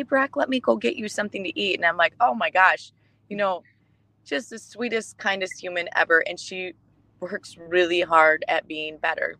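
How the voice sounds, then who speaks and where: A woman co-hosting a podcast, telling stories in casual chat, warm and emotional, with many restarts. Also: lowish voice, no room sound, poor audio. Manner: chatty storytelling with restarts, emotional. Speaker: podcast co-host.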